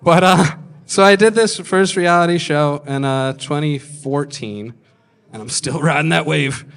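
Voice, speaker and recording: A man's voice: a little high, unhurried, creaky, a bit bright, smooth. A man in his thirties doing stand-up, telling rambling self-mocking stories and swearing freely. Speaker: stand-up comedian. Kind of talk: stand-up storytelling.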